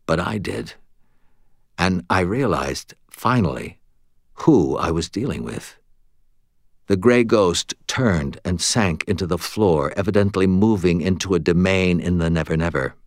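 A male audiobook narrator with a very low voice, reading first-person fiction in a wry, steady way. The recording is dry and close, with no room sound around it. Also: unhurried, dry recording.

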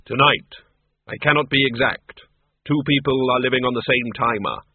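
Death himself, short-spoken and solemn, as a male narrator plays him. The voice is husky and dry, without fuss. It comes through a tinny radio. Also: medium pitch, moderate pace, no room sound. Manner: terse, solemn. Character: grim male Death, calm and flat.

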